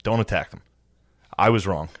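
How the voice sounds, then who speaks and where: A man's voice: deep voice, moderate pace, no echo, studio quality. A young man on a podcast, telling a profane story with lots of energy and acting out other people's voices. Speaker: podcast co-host. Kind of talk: casual storytelling chat.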